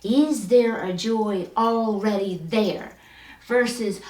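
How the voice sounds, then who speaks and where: A woman giving a spiritual self-help talk in a lively, animated way, often acting out quoted voices. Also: mid-range voice, normal speed. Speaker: spiritual coach. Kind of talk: motivational talk. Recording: roomy echo, distant from the mic.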